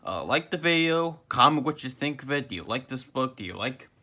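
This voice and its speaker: A man's voice: mid-range voice, expressive, brisk, sharp tone. A young man reviewing a children's book, reading aloud casually with frequent restarts and fillers. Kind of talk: casual read-aloud and chat.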